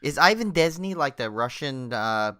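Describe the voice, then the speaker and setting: Animated, jokey man on a dry mic. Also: mid-range voice, moderate pace, no echo. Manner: jokey, rambling, tries impressions. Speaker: podcast co-host. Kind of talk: casual podcast chat.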